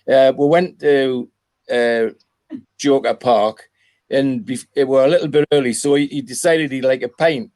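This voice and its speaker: An older man from North East England tells long, meandering stories in a relaxed chat, pausing and restarting as he goes. His voice sits at a middling pitch and sounds dry and close, with no room around it. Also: dry recording. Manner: rambling anecdotal storyteller with chuckles. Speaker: podcast panelist. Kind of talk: casual chat.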